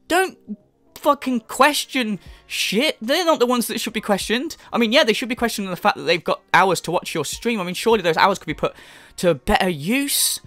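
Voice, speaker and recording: A man rants through a reaction commentary, sarcastic and profane, his pitch leaping up and down as he mocks and scolds. He sounds close to the mic in a dry, dead room. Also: animated, brisk, bright, forceful tone, no room sound. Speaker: commentary YouTuber.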